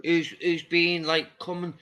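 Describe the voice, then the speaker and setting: A man's voice: on the high side, completely flat delivery, a little slow, sharp tone, clean tone. A man with a Scouse accent chatting on a casual stream, rambling and repeating himself. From England. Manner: rambling, repeats words, laughs easily.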